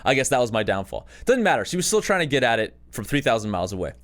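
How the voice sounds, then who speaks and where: A man's voice: mid-range voice, big pitch swings, racing, fairly bright tone. A man in his thirties hosting a podcast, telling a long personal story in a rambling, profane, self-mocking way. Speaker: podcast host. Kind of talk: casual storytelling.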